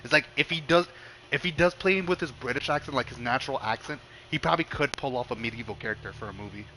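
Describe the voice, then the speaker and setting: A man's voice: mid-range voice, fast talker, bright, forceful tone, a little hiss or hum. A young man streaming a game, chatting casually in a rambling, profane way, full of stop-start restarts.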